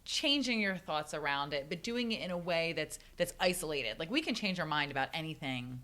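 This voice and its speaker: An excited woman in her thirties tells a personal story in a relaxed podcast conversation. Her voice sits fairly low, and she talks animatedly with plenty of "like" and quick restarts. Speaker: guest.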